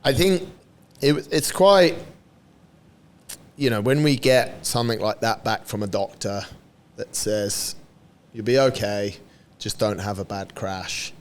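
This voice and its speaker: A man's voice: on the low side, takes it slowly. A man in a podcast interview, telling a story in a casual way. He laughs often, swears and acts out what others said. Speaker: podcast guest.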